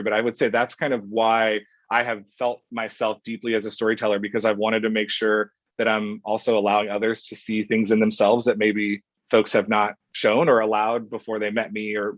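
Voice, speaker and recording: A man from Oklahoma speaking as a guest in a podcast conversation, talking thoughtfully with pauses and restarts. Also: lowish voice, monotone, no room sound, lo-fi sound. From Oklahoma, USA. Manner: thoughtful, hesitant with fillers and restarts. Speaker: guest, professor.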